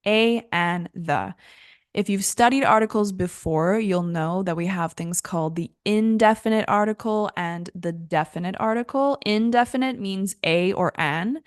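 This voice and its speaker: A woman's voice: mid-range voice, a little slow, clear, resonant tone, no room sound, studio quality. A young woman teaching an English lesson in a casual, chatty way, laughing easily at her own slips.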